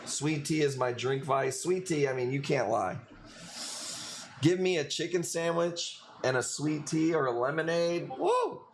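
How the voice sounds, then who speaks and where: A man sells coral on a livestream, chatting casually with a Chicago accent, rambling loosely and swearing plenty. His voice is on the high side and measured in pace, with slight background noise.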